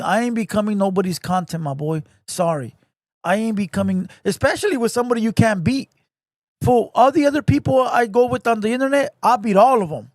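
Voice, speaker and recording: A man's voice: high-pitched, darkish tone, dry recording, clean studio sound. A man hosting a livestream, retelling a run-in in casual, profane street slang and calling the listener bro over and over. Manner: repeats phrases, addresses listener as bro. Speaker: livestream host.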